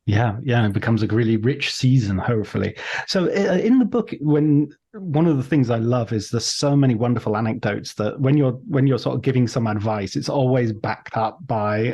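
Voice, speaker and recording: Male host; mellow, hesitant, rambling questioner. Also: medium pitch, lively intonation. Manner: halting, hesitant questions with fillers. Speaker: interviewer, host. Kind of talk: conversational interview questions.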